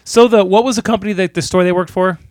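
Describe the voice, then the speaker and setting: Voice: medium pitch, fairly even intonation, quick pace, a little mellow, no echo, clean studio sound. A podcast co-host chatting casually about a movie with wry, sarcastic remarks and casual swearing. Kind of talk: casual movie-review chat.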